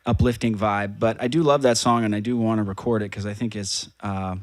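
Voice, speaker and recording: A man's voice: lowish voice, fairly even intonation, a little fast, no room sound, studio quality. A man guesting on a podcast as a musician, talking in an easygoing, loose way. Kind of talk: casual chat.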